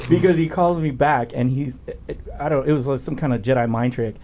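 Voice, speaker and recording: A middle-aged man hosting a podcast interview, telling stories in a blunt, profane, animated way. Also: medium pitch, moderate pace, dull audio. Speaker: podcast host, former police officer. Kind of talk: casual storytelling interview.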